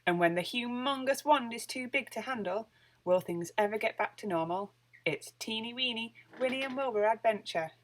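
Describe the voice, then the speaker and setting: A woman reading a children's picture book aloud with lively, expressive storytelling. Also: medium pitch. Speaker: storybook reader.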